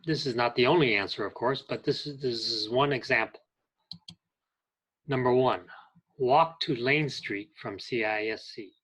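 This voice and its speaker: This low-quality recording features a man with a medium-pitched, fairly bright voice. He is an ESL teacher reading example direction and clarification phrases to an English class, speaking slowly, patiently, and deliberately.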